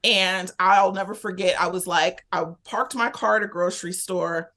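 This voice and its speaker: Candid, animated woman telling a story. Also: fairly low pitch, moderate pace. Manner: animated, candid, lively retelling with quoted inner thoughts. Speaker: guest. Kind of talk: casual conversational storytelling.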